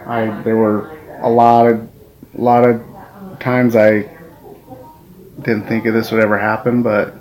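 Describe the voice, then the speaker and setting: A groom, a man, talking warmly and hesitantly about his bride-to-be, often restarting his sentences. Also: fairly low pitch, little pitch movement, a little slow, long pauses, poor audio. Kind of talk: heartfelt casual talk.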